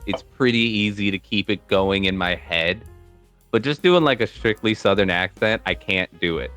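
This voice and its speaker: A man's voice: on the low side, moderate pace, fairly bright tone, faint music behind. A man from New York hosting a podcast, chatting casually about voice acting in a rambling, explanatory way. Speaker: podcast host.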